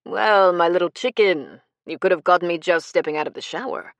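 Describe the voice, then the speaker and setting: Woman narrator playing a male con man, smooth then menacing, lowered voice, dry audiobook sound. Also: expressive, moderate pace, dry recording. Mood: oily charm. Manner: fake charm turning cold and cruel.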